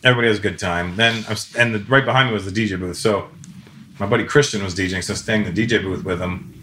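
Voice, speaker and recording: A man's voice: racing, a little hiss or hum. A comedian telling stories in casual chat, acting out quotes with big jumps in his voice. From Canada. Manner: animated, acts out quotes with big pitch jumps.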